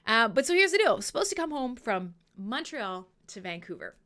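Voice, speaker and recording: Lady host telling a story live, jokes and swears a lot, voice kinda high and bright. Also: fairly quick. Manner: animated, swearing, laughing, acting out quotes. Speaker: host of a live radio show. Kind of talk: casual storytelling to live listeners.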